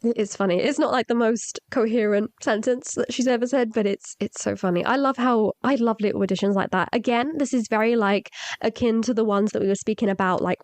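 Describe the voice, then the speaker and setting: A woman's voice: fairly high pitch, a little fast, a little mellow, dry recording. Conversational young woman, dry close mic. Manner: conversational, explains at length. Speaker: podcast co-host. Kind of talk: casual chat.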